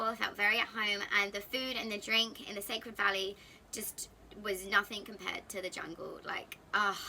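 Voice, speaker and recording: A young woman, telling a personal story to camera in a chatty, candid and expressive way, sitting on a sofa at home. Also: medium pitch, gravelly, slight background noise. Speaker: vlogger.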